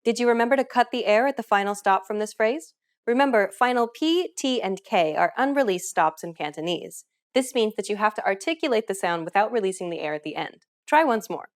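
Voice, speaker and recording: A woman's voice: medium pitch, expressive, fairly quick. A woman narrating a scripted language lesson in an upbeat, encouraging way. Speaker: language teacher.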